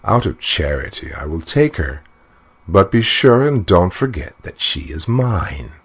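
A man's voice: low voice, big pitch swings, unhurried, fairly bright tone, breathy edge, exaggerated voice. A man reading a fairy tale aloud and voicing a smug, greedy little male dwarf with a sly, disdainful manner. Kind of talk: storybook narration.

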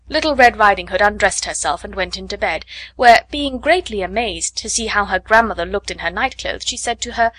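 A woman reading a classic fairy tale aloud in steady, measured storybook narration. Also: medium pitch, dry recording.

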